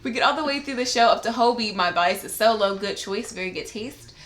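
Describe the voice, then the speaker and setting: A young woman co-hosts a casual podcast and reads a listener's letter aloud. She is excitable, laughs often and swears freely. Her voice sits a little high and sounds bright and forceful, and it rings in a roomy, echoing space. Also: fairly quick. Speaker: podcast co-host. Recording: roomy echo.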